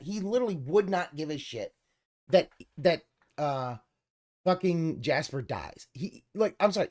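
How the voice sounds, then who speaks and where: A female streamer with a mellow, lowish voice reacts to a video in an exasperated, sarcastic rant. She swears a lot and now and then mocks the person she's watching by imitating their voice.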